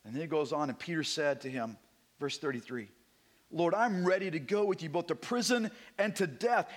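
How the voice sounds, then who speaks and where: A male pastor preaching a Sunday morning sermon, moving between hushed, intimate passages and emphatic, rising declarations. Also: on the high side, lively intonation, a little fast. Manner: swings from hushed to emphatic, repeats words when building a point.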